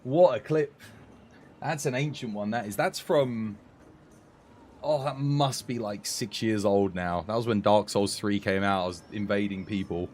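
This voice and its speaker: A man commentating his live game stream, excitable and chatty, talking to his chat. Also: on the low side, unhurried, slight background noise.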